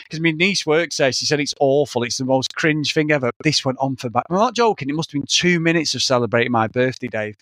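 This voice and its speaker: A man's voice: a little high, lively intonation, a little fast, fairly bright tone, dry recording. A man, telling a story as a podcast co-host in casual, sweary chat. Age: 40s.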